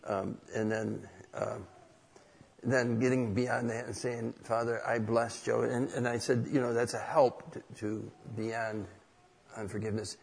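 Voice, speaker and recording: A man's voice: medium pitch, steady tone, unhurried, vocal fry, a little mellow, husky, long reverb tail. A man preaching a conversational sermon, asking rhetorical questions and telling a personal story.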